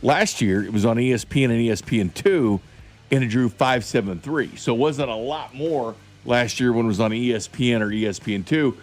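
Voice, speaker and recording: Dude co-hosting sports radio, plain mid voice, dry takes, bit of music behind. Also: male voice, mid-range voice, brisk, darkish tone. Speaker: radio sports show co-host. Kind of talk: casual sports radio banter.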